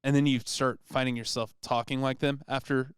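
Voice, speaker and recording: A man's voice: medium pitch, level tone, moderate pace, clear, resonant tone, no room sound, studio quality. A man hosting a casual history podcast, laid-back, telling the story and laughing along with his co-hosts. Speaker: podcast host presenting history.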